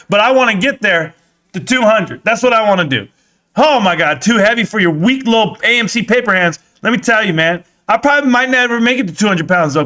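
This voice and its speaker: A young man hosting a live stream, talking excitedly, reading chat and yelling at times, sweaty and winded. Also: very high voice. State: sweating in a helmet. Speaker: livestream host.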